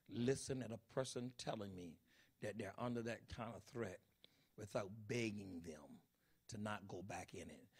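A man's voice: mid-range voice, fairly bright tone, breathy edge. A middle-aged man preaching a sermon as pastor, emphatic and full of rhetorical questions to the congregation.

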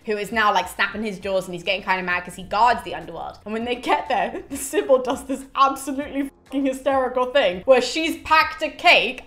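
A woman retells an ancient myth in an informal, chatty way, full of fillers and offhand swearing. Her voice sits a little high and stays lively. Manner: chatty, animated, swears casually. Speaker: mythology channel host.

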